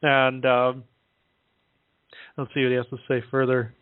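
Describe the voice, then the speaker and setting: A man talking casually on a call-in show, halting often with fillers as he relays what he is told. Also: mid-range voice, completely flat delivery, clear, resonant tone, no room sound. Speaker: guest relaying contact reports. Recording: dry tinny phone line.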